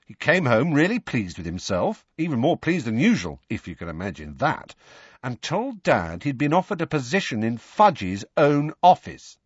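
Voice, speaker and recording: A man's voice: mid-range voice, slightly rough, no room sound, dull audio, pitched above the performer's own voice. A man voicing a blunt, grumbling teenage boy in an audiobook. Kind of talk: audiobook character voice.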